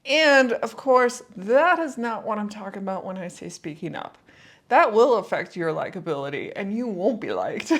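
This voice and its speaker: A woman life coach with a fairly high voice talks to camera in a casual, reflective vlog. She tells a personal story conversationally, using lots of "like" and "you know."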